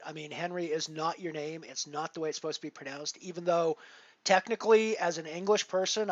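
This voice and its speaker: A poker streamer with a slightly high voice chats casually with his viewers while playing online poker, rambling along with plenty of fillers and restarts. The recording has no echo, but the highs are cut off.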